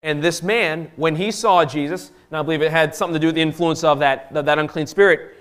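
A male preacher giving a sermon, reading scripture aloud and swinging between loud emphasis and hushed, drawn-out phrases. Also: fairly high pitch. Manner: reads scripture in old-fashioned biblical wording.

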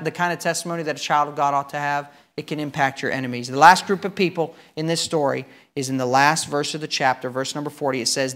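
A man preaching a sermon, telling a story with emphatic swings between loud and quiet. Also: a little high.

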